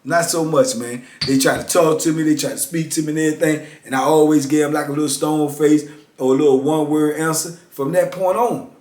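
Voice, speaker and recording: A man's voice: fairly high pitch, steady tone, a little fast, a little mellow. A middle-aged man, a former prisoner, telling a story in a blunt, streetwise, casual way. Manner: blunt, streetwise, repeats "you know what I'm saying". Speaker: former prisoner and motivational speaker. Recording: echoey room.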